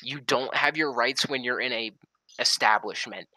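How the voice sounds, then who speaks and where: A man's voice: medium pitch, moderate pace, pushed and bright, no room sound, low-quality recording. A young man telling a story in casual, heavily profane talk. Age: young adult.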